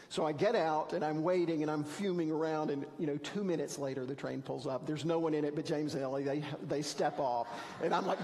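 A man's voice: fairly high pitch, a little mellow, big-room sound. A man preaching a sermon as pastor, telling stories in a conversational, self-deprecating way. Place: church sanctuary.

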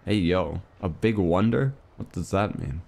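A man's voice: deep voice, a little slow, gravelly, a little mellow. A young man commenting casually on a video game as a streamer, joking and reading the game's dialogue aloud.

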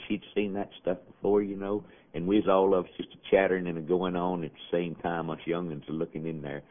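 A man with a Southern accent telling a folksy monologue in a rambling drawl, on an old radio recording. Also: deep voice. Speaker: storyteller. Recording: tinny, band-limited old radio archive.

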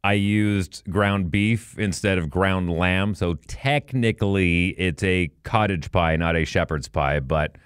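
Deep, smooth-voiced man on a podcast. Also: slow, few pauses, dry recording, clean studio sound. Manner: enthusiastic tangents, explaining trivia. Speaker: podcast co-host. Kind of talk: casual podcast chat.

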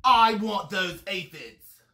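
A shrill, shouty grouchy ladybug. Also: huge pitch swings, slow pace, exaggerated voice. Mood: angry. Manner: shouty, picks fights, then backs off. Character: shrill, bossy, boastful little grouchy ladybug. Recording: roomy echo.

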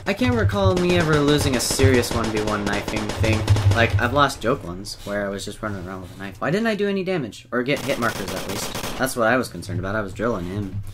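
A man's voice: lowish voice, sing-song, fast, few pauses, over music. A man giving casual gameplay commentary, swearing, laughing and trash-talking his opponents. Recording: noisy with game gunfire behind. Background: gunfire and keyboard clicks.

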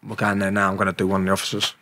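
A man's voice: low voice, completely flat delivery, very fast, sharp tone, no echo. A man with a London accent, a guest telling stories in an interview, blunt and slangy, swearing often and acting out what people said. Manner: blunt, slangy, swears a lot, acts out dialogue. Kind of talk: storytelling in an interview.

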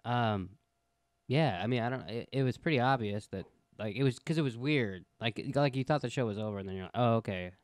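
A young man co-hosting a podcast in casual chat, blunt and sarcastic, with a slightly hoarse voice. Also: medium pitch, brisk, no echo, studio quality. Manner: blunt, sarcastic, swears a lot. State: a little hoarse. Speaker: podcast co-host.

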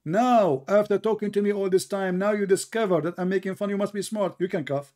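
A man's voice: sits high, brisk, darkish tone. A man hosting a heated debate, mocking and sarcastic, talking over his opponent with broken English. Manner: mocking, sarcastic, talks over the other speaker. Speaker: debate host.

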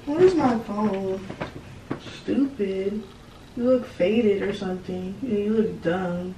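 Speaking slowly at medium pitch, a young vlogger repeats herself to her boyfriend in exasperated, pleading prank banter. The scene is an indoor bedroom, captured from a distance in an echoey room with background noise.

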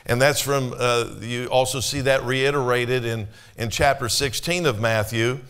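A man's voice: mid-range voice, steady tone, a little slow, fairly bright tone, smooth. A man preaching a sermon in a church, talking to his congregation in a conversational way, with rhetorical questions and quoted scripture. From Canada. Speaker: pastor.

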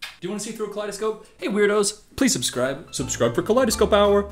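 Man, reaction commentary, sarcastic, joking, lively pitch. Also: fast talker, faint music behind. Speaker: online video commentator.

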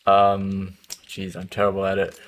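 A man's voice: sits low, completely flat delivery, a little slow, slight background noise. A young man chatting casually while streaming a hunting game, laughing easily and trailing off mid-thought. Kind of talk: casual gaming chat.

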